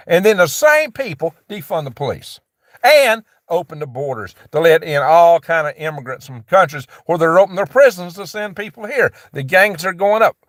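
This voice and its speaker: Guy ranting hard on his live stream, kinda high voice, dry close mic. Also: sing-song, moderate pace, fairly bright tone, dry recording. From American West. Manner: heated, ranting, mocking quoted voices. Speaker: channel host.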